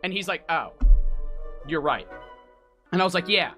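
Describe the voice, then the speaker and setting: A male live streamer telling a story to his chat in a casual rant. He is animated and profane, acts out both sides of phone calls, and swings between loud outbursts and muttering. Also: high voice, moderate pace, soft background music. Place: home streaming setup.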